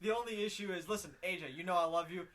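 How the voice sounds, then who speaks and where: A man's voice: high voice, racing, fairly bright tone, a little hiss or hum. A young man co-hosting a casual podcast, giggling and teasing his friends while he banters. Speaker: podcast co-host.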